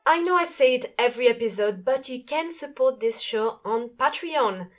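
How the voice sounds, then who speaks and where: Bright French-accented woman host. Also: on the high side, animated, normal speed, soft background music. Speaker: podcast host. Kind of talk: podcast host reading promos and interviewing.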